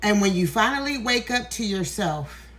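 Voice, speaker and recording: Walking through an indoor hallway with her phone, a woman who makes tarot content records an emotional vlog monologue. Her medium-pitched, slightly bright voice has lively intonation at normal speed. She is near tears, preachy and emphatic, and swears freely.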